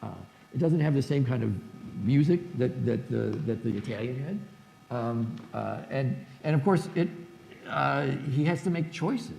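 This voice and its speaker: A man in his seventies lectures at a church forum with a gravelly, mellow voice. He stops and restarts often and reads lines of verse aloud. The sound is echoey, with a faint hum of room noise behind him. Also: medium pitch, lively intonation, a little slow. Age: 70s. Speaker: guest lecturer.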